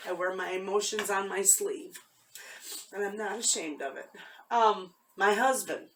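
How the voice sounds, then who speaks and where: A woman's voice: medium pitch, unhurried, a bit bright, recorded from a distance, slight background noise. A woman vlogging from her homestead, telling a story in a heartfelt, rambling way with many restarts. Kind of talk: casual chat to camera.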